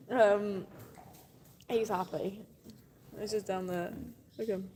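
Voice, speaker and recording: This woman speaks slowly in a mellow, mid-range voice, leaving long pauses, while she livestreams from her farm on a handheld phone camera. She coos affectionately at her animals, laughs a lot, and rambles chattily to viewers. The recording has noisy outdoor farm sound and a long reverb tail.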